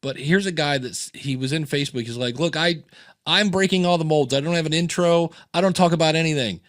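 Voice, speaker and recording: A man hosting a casual podcast chat, his voice a touch high for a man. He tells stories and acts out the quotes with animation. The sound is dry and close. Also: fairly quick, a bit bright, no echo. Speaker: podcast host.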